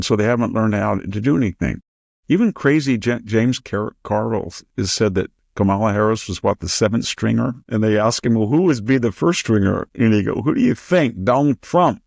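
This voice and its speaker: An older American man with a low, gravelly voice talks politics as a show host. He argues emphatically, leaps up in pitch to mock others' words, and the sound is close and dry. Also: a little fast, a little mellow, dry recording. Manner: emphatic, mocking quotes in a raised voice. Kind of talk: political commentary conversation.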